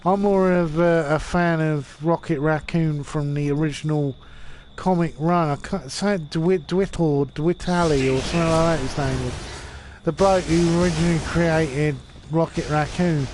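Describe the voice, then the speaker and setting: A man's voice: fairly high pitch, steady tone, moderate pace, background noise. A drunk man in his forties rambling and swearing while streaming a game. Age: 40s.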